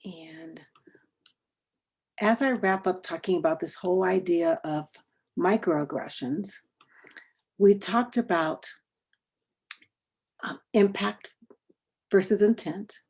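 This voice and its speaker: A woman leading a training session over a video call, talking conversationally and quizzing her group with quick questions. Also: on the low side, darkish tone, husky. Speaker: workshop trainer.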